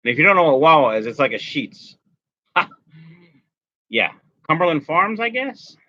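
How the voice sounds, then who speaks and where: A man's voice: fairly high pitch, sing-song, normal speed, dry recording, muffled recording. A man hosting a casual fish-keeping live stream, chatting loosely with viewers and greeting them by name while nursing a migraine. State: has a migraine. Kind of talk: casual live stream chat reading comments.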